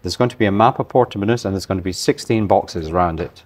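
A man in his sixties with a light Scottish accent worn down by travel, telling a long story in a relaxed way and acting out what other people said. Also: low voice, fast. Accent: light Scottish, softened by travel. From Scotland. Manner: relaxed anecdotal storyteller, acts out the voices of others. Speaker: podcast guest. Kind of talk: long-form storytelling interview.

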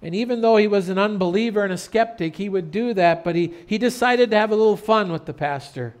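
A man pastor preaching an earnest sermon in a church, turning loud and dramatic when telling a story. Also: high voice, fast. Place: church sanctuary.

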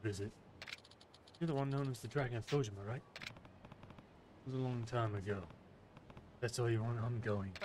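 A man voicing a gruff, stoic male yakuza veteran in low, curt lines while reading game dialogue aloud. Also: fairly even intonation, normal speed, long pauses, background noise, lightly acted.

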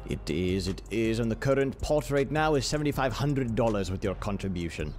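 A man's voice: fairly low pitch, expressive, fairly quick, darkish tone, a little hiss or hum. A man playing a lottery host in a gaming roleplay, using an old-fashioned, formally polite put-on voice.

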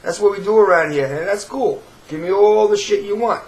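High-voiced New York guy, swearing and sarcastic, rambling vlog rant. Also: a little fast, a little mellow, low-quality recording. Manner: profane, sarcastic, rambling with repeated restarts. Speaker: video blogger. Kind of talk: ranting to camera.

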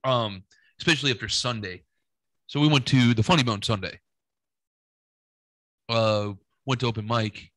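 Podcast co-host, man, young adult. Bright, forceful tone, dry close recording; rambling, swearing storyteller who acts out every line of dialogue. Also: medium pitch, moderate pace, long pauses, no echo. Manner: rambling, profane, animated in retold dialogue.

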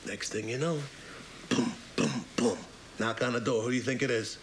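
A middle-aged man, telling a children's story as an animated wise-guy and using mob slang. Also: medium pitch, normal speed, slight background noise. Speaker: mobster character telling a bedtime story. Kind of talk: comedic sketch storytelling.

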